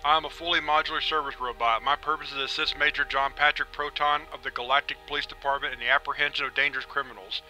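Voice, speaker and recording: Monotone robot guy, no inflection at all, man putting it on, bright tone. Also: on the high side, fast talker, few pauses, soft background music, low-quality recording. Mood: robotic. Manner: flat monotone robotic delivery. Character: male robot sidekick, literal-minded.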